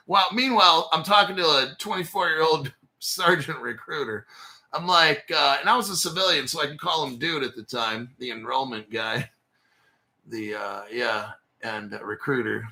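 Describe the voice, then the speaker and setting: A very bright, sharp-toned man in his forties, a bit high for a man, rambling through a casual livestream story. He swears freely, laughs between phrases, and jumps back to restart his sentences. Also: normal speed. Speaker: crypto channel host.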